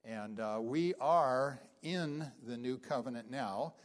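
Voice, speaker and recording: A man teaching a Bible class, explaining scripture in an unhurried lecture style with frequent fillers, and reading passages aloud with emphasis. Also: medium pitch.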